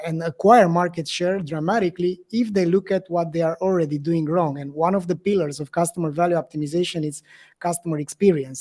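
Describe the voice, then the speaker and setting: A man's voice: on the high side, darkish tone. A man from Romania, hosting an interview and talking conversationally, hesitating often with fillers. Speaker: host.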